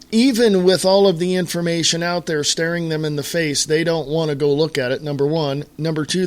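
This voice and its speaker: A man's voice: on the high side, a bit bright. A man hosting a solo talk radio show, ranting in an exasperated way to his listeners with lots of fillers and restarts. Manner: halting with fillers and repeated starts.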